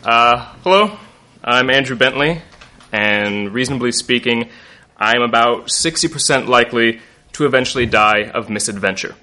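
A man from Northern Virginia tells a comic story to a live audience. His tone is bright and forceful, and his phrasing is wry and mock-grandiose, carried at a middle pitch. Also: moderate pace, slight background noise.

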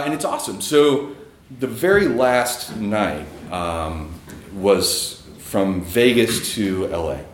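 A man's voice: fairly low pitch, reverberant, slight background noise. A man telling a personal story on stage in a casual, chuckling way, with many fillers.

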